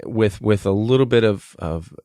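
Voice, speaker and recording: A man's voice: fairly low pitch, moderate pace, warm tone, dry recording, clean studio sound. A man with an American accent hosting a podcast interview, chatty and self-deprecating, with many fillers and restarts. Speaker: podcast host, youth pastor.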